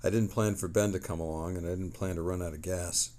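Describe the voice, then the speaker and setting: A man streaming live, reading lore passages aloud with excitable, chatty asides. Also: low-pitched, fast talker. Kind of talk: casual lore reading on a livestream.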